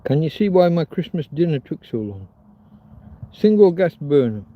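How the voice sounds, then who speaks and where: His voice runs on the high side with a sing-song lilt at normal speed. Livestreaming from a field while he cooks outdoors, he rambles casually, cursing and cracking crude jokes, all picked up as dull lo-fi audio on a phone.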